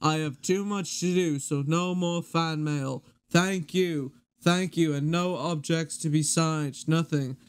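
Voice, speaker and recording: A man doing an impression of an aging male rock drummer, talking slowly and repeating sign-offs. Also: fairly high pitch, fairly even intonation, clear, resonant tone. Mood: solemn. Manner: slow, drawn-out, repetitive sign-offs.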